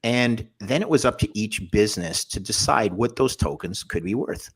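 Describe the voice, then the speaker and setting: A man, a podcast guest, telling jokey anecdotes in a lively panel discussion, with a husky voice. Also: on the low side, moderate pace. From Canada. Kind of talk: animated storytelling in a panel discussion.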